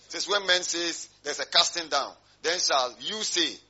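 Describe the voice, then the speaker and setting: A man's voice: on the high side, normal speed, bright, forceful tone, breathy edge, lo-fi sound. A male pastor preaching a sermon, emphatic and rhetorical, drawing call-and-response from his congregation.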